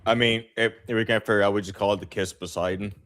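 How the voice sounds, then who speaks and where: A man's voice: fairly low pitch, fairly even intonation, fast talker, fairly bright tone. A man playing a tabletop game, joking around and swearing casually. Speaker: player.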